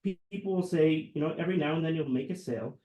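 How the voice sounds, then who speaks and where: Sales guy talking earnestly, kinda high voice, roomy echo around him. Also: fast, mellow. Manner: earnest, enthusiastic storyteller. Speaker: sales lead and webinar co-host. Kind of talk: casual webinar chat. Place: office room.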